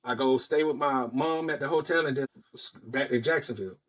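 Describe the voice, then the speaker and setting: A man's voice: medium pitch, brisk. A man from Florida telling a heated personal story in casual podcast talk, cursing freely and acting out the other people's lines. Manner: profane, heated, acts out quoted dialogue. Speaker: podcast host.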